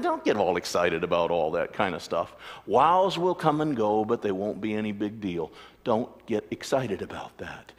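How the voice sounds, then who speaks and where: A man preaching a sermon as a pastor, animated storytelling with acted-out voices. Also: mid-range voice. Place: church sanctuary. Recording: long church reverb.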